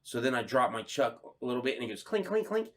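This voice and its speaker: A man co-hosting a casual podcast chat, swearing freely and acting out his own story with loud outbursts. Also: medium pitch, fast talker. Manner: animated storyteller, swears a lot, acts out his own lines loudly. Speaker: podcast co-host.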